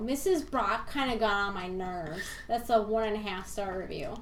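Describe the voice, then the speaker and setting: A woman's voice: medium pitch, moderate pace, few pauses. A woman co-hosting a casual film podcast, reading viewer reviews aloud in a mocking, theatrical way. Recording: echoey room with faint background noise.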